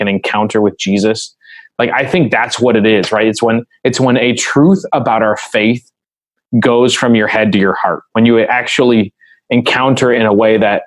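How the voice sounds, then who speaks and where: A man's voice: fairly low pitch, normal speed, dry recording, low-quality recording. A man speaking as a podcast guest in a casual interview conversation, earnest and reflective as he tells a story.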